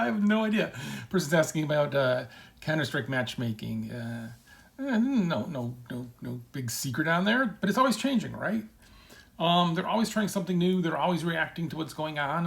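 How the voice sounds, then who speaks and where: A man talks casually as a game developer answering a question. His voice sits a little high with a gravelly edge. He is animated, acts out the people he quotes, and keeps tagging his points with "right?". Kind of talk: casual solo talk.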